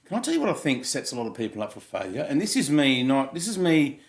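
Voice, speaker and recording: A man in his fifties, born in Germany, who co-hosts a candid podcast. He tells his stories bluntly and with plenty of animation, swearing freely. His voice sits at an ordinary middle pitch. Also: sing-song, fast. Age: 50s. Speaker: podcast co-host. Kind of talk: casual storytelling chat.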